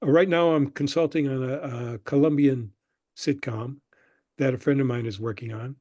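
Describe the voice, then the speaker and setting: An older man, a guest on an interview show, telling relaxed stories about his past and acting out the people he quotes. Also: medium pitch, moderate pace, no room sound, studio quality. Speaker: guest, screenwriter and professor. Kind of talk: conversational interview storytelling.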